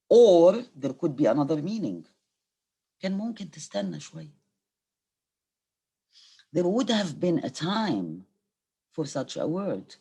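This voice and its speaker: A woman's voice: deep voice, gravelly, dark tone, husky. A middle-aged Egyptian woman, a native Arabic speaker, giving a university literature lecture. She reads verse aloud, then explains each line and glosses it in Arabic.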